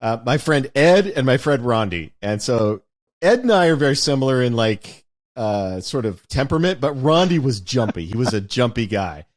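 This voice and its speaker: A man's voice: mid-range voice, very animated, normal speed. A man hosting a podcast, telling a childhood anecdote in a wry, casual way with some swearing. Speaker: podcast host. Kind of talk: casual storytelling.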